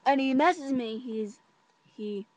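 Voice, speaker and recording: A woman's voice: sits high, measured pace. A teenage girl telling a story to camera in a casual, chatty way, full of fillers and giggles. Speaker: vlogger.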